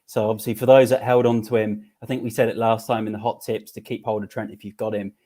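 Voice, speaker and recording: A man gives plain tips on a podcast panel. His voice is low, flat and mellow in tone. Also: fast talker. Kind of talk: casual tips chat.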